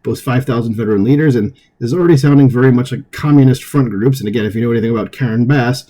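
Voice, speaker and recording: A man with a mellow, dark voice hosts a political commentary show. He reads an article aloud and keeps stepping away from it for loose, conversational asides. His delivery is casual, full of fillers and small chuckles. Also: mid-range voice, quick pace.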